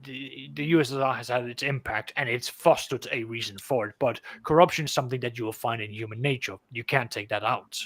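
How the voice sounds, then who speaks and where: A man's voice: medium pitch, brisk, few pauses, no echo. A man in casual chat, animatedly recounting a conversation. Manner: animated, quotes others in dialogue.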